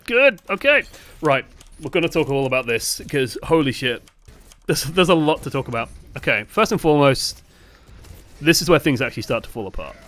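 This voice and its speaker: A young man coaching over gameplay footage, moving from calm breakdowns to exasperated outbursts and swearing bluntly. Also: a little high, normal speed. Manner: swings from calm analysis to exasperated shouting. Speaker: game coach. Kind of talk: live-streamed gameplay review commentary.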